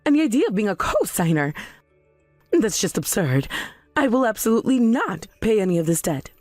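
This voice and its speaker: A woman's voice: mid-range voice, sing-song, brisk, a little mellow, dry recording, soft background music. A woman voicing an indignant middle-aged mother who refuses blame for her son's debt. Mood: outraged. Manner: indignant, defensive.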